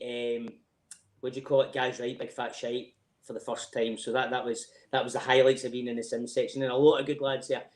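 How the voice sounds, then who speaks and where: A man's voice: mid-range voice, a little mellow, roomy sound, low-quality recording. A middle-aged Scottish man telling rambling, sweary stories as a podcast guest, often asking "do you know what I mean". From Scotland. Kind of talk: casual chat.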